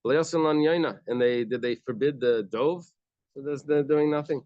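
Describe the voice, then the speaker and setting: A man's voice: medium pitch, normal speed, no echo, muffled recording. A man teaching a daily Talmud class, reading short bits of Aramaic and then explaining them in casual, conversational English.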